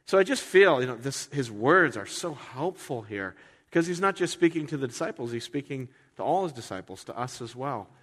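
A man in his forties preaching a sermon in a conversational way, breaking into lively acted-out quotes. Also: mid-range voice. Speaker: pastor. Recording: long hall reverb.

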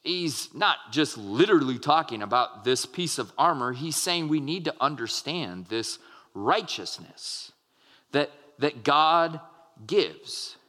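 A man's voice: fairly high pitch, lively intonation, takes it slowly, bright, forceful tone. A man, a pastor, preaching earnestly to his congregation, restarting phrases as he explains and acts out short quotes. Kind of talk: sermon. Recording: long hall reverb.

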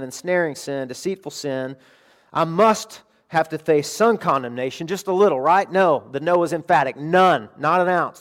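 Earnest preacher, soft to emphatic. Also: male voice, fairly high pitch. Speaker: pastor. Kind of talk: sermon.

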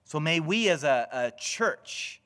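A man preaching a sermon as pastor, swinging deliberately between loud emphasis and hushed, whispered lines. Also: fairly high pitch, expressive.

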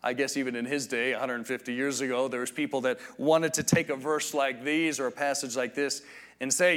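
A man preaching a sermon, teaching in a measured, reflective way with frequent restarts. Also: medium pitch, level tone, a bit bright. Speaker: pastor.

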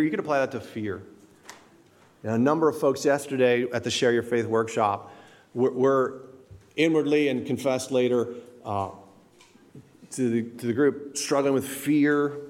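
Conversational man preaching in a reverberant hall. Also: medium pitch. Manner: conversational, animated, acts out inner voices. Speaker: pastor. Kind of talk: sermon.

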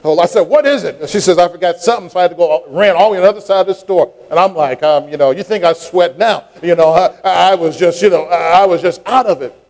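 A man's voice: sits high, fast talker, hardly any pauses, darkish tone. A middle-aged man, preaching a sermon and telling a childhood story with rising fervor. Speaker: pastor.

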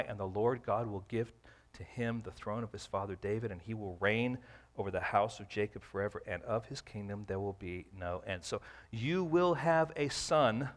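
A man preaching a sermon, explaining scripture verse by verse and stretching out key phrases for emphasis. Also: fairly low pitch. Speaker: pastor.

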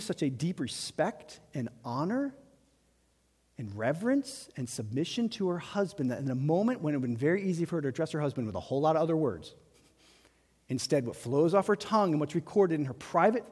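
A man preaching a sermon in a lively, conversational way, acting out quotes as he goes. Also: on the high side, husky. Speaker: pastor. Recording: long reverb of a large hall.

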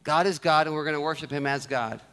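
A man preaching to his church with a high, bright voice. He is animated, acting out the prayers he quotes and repeating his key phrases to drive them home. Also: fast talker, clean tone. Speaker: pastor. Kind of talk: sermon. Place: church sanctuary.

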